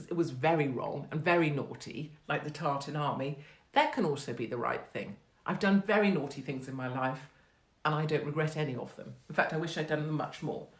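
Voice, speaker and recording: A woman's voice: low voice, roomy sound. A woman in her forties hosting a rambling, casual monologue, blunt, profane and sarcastic. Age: 40s. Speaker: host.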